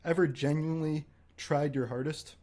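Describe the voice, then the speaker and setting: A man's voice: a little high, steady tone, normal speed, darkish tone. A man hosting his livestream, chatting casually in a rambling, stammering, self-mocking way. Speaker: streamer host.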